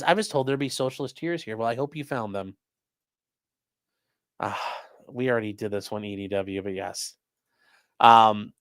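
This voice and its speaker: A man's voice: mid-range voice, fairly bright tone, no echo, clean studio sound. A man doing mocking, sarcastic live-stream commentary while reading chat, swearing often.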